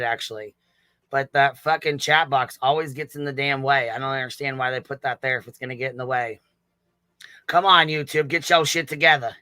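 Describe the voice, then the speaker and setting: A man's voice: medium pitch, bright, forceful tone, clear, resonant tone, no room sound. A man giggly profane livestream host. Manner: profane, giggly, thanking chat members. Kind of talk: casual livestream chat.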